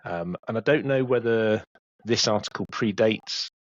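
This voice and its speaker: A man with a low, husky voice talks in a measured, thoughtful way about teaching maths. The recording is dry and dull, with a lo-fi feel. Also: dry recording. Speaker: maths educator, podcast co-host. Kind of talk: casual discussion.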